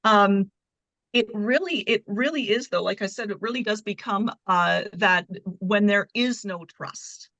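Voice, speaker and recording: A woman guest who coaches communication, explaining ideas in a measured, teaching way. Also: mid-range voice, fairly bright tone, dry recording, low-quality recording. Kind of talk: casual chat.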